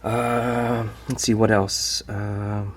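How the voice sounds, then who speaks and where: A man with a low, gravelly voice hosts a casual watch review vlog. He talks in an easygoing way and stops often on fillers. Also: flat delivery. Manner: easygoing, halting with many fillers.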